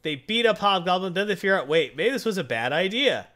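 A man's voice: high-pitched, lively intonation, fast talker, sharp tone. A man hosting a casual chat, retelling a comic book story and acting out the characters' lines. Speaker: comic book podcast host.

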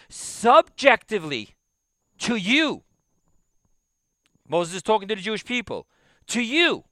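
A man teaching a Torah class, emphatic and repetitive, dropping to quiet asides. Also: sits high, no echo, studio quality. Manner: emphatic, repeats key phrases, drops to quiet asides.

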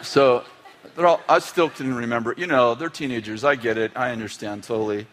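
A man's voice: medium pitch, brisk, fairly bright tone, slight background noise. Storytelling middle-aged male pastor. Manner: storytelling with acted family quotes and humor. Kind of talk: sermon.

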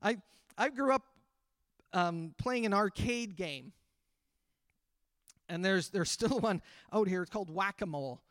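High, bright-voiced fervent man preaching. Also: expressive, measured pace, pauses often, dry recording, studio quality. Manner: earnest, building fervor with repeated refrains. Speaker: pastor. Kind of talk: sermon. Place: church livestream during pandemic.

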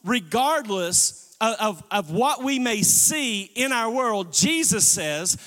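A man's voice: high voice, sing-song, takes it slowly, fairly bright tone. A man preaching a sermon as pastor, calling on the congregation to respond. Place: church sanctuary. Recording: long church reverb.

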